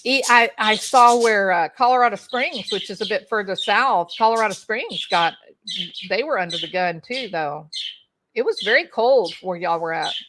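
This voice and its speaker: A woman's voice: mid-range voice, expressive, moderate pace, background noise. A middle-aged woman hosting a casual livestream from home, chatting folksily and addressing viewers by name. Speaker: livestream host reading chat. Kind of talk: casual chat.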